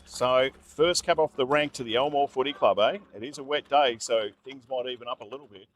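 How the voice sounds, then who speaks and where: A man with an Australian accent opening live commentary at a rainy football ground. His mid-pitched voice is cheery and wry, with faint outdoor noise and passing traffic behind him. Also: a little fast. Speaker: match commentator.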